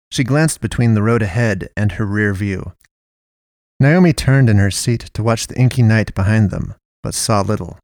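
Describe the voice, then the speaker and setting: Low-voiced man narrating a dark story. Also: dry recording, studio quality. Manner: steady, measured storytelling with voiced dialogue. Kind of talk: audiobook-style story narration.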